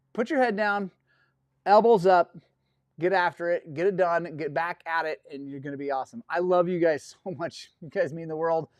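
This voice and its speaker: A man's voice: high voice, dry recording. Effusive rambling man, dry close sound. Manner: rambling, effusive, thanks viewers often. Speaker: host of a dirt bike live stream. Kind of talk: casual live stream chat.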